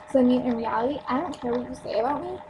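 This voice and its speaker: Young woman, from New Jersey, blunt and sweary, high voice, noisy webcam mic. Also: fast talker. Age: young adult. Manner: blunt, emphatic, swears freely. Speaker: store clerk venting on a vlog. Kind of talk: casual webcam rant. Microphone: built-in webcam mic.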